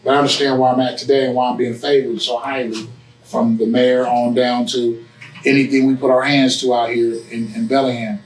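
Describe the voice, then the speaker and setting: A man's voice: mid-range voice, little pitch movement, fairly quick. A man as an interview guest in a barbershop, telling a casual story in a rambling, repetitive way with profanity and frequent "you know what I'm saying.". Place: barbershop, indoors. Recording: echoey room, mic at a distance.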